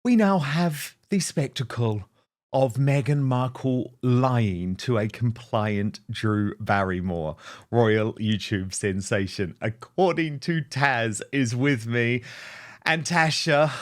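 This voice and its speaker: Man, show host, slow deliberate pace, mocking, emphatic commentary. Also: medium pitch.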